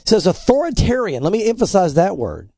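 Middle-aged pastor, man, high pitched, mellow dark tone, emphatic and earnest news commentary. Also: expressive, fairly quick, dry recording, studio quality. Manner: emphatic, earnest, quotes scripture and articles. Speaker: pastor, co-host. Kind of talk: preaching-style news commentary.

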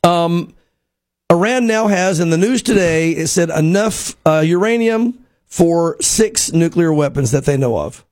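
High-voiced man giving earnest commentary. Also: expressive, unhurried, a little mellow, dry recording. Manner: earnest, speculative, explains point by point. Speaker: guest commentator. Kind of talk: conversational news commentary.

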